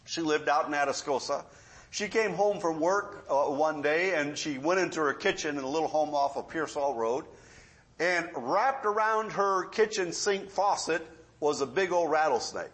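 Middle-aged pastor, high voice, folksy storytelling preacher who drops to hushed asides. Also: male voice, moderate pace. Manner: storytelling preacher, swings between loud emphasis and quiet asides. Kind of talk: sermon.

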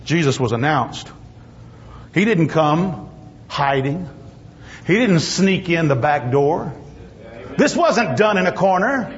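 A man preaching a sermon, telling stories in an animated way and rising at times to shouts. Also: on the high side, takes it slowly, pauses often. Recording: dull lo-fi recording.

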